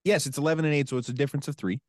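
A man co-hosting a sports podcast, talking in a casual, animated way with quick asides and frequent laughter. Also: a little high, no echo, studio quality. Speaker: podcast co-host.

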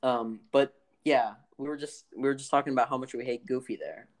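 A woman's voice: very deep voice, brisk. A woman co-hosting a casual podcast, telling a rambling story with lots of restarts. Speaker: podcast co-host. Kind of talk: casual chat.

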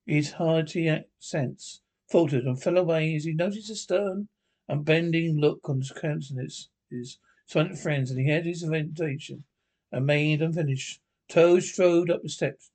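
Man, storybook narration, gravelly voice, higher pitch, slips and restarts. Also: normal speed, darkish tone. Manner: unpolished reading with frequent slips and restarts. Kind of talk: reading a storybook aloud.

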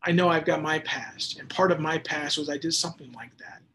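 A man's voice: on the high side, a little fast, pushed and bright. A man hosting a Bible teaching show, reading listener texts and talking casually, with bursts of emphatic preaching.

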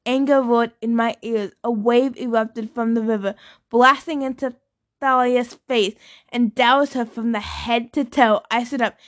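A woman reads a novel aloud in a somewhat high voice, narrating in first person. She raises her voice and pitch for the shouted dialogue. The reading is steady storytelling. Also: measured pace. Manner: acts out dialogue with louder, higher shouts. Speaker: audiobook reader.

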